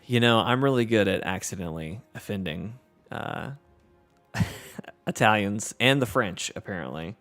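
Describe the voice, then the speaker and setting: Gravelly low-voiced Southern man streaming. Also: animated, measured pace, fairly bright tone, faint music behind. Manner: easygoing, reads chat aloud, self-deprecating. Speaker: livestream host. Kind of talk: casual gameplay livestream chat.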